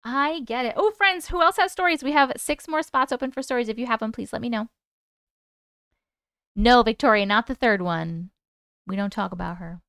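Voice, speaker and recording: A woman's voice: a little high, moderate pace, fairly bright tone, clean tone, no room sound, studio quality. A woman hosting a casual livestream chat, upbeat and chatty as she answers viewer comments. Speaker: livestream host.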